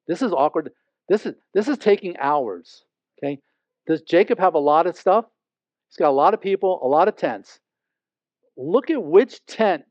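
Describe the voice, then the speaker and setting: A man preaching with a high, lively voice that jumps into the quoted characters as he teaches. The sound is close and dry, a little muffled, with no room around it. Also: dry recording. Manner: animated, acts out quoted speech. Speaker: pastor. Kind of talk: expository sermon.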